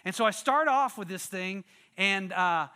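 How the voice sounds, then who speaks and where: Preacher, animated storyteller who acts out the scenes, high bright tone. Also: male voice, unhurried, smooth. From Texas. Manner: animated, acts out quotes and sound effects. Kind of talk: storytelling sermon.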